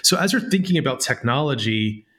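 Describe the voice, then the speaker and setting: A man's voice: mid-range voice, expressive, brisk, a bit bright. A man with a Southern US accent hosting a casual interview, rambling with many fillers and frequent laughs. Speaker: podcast host.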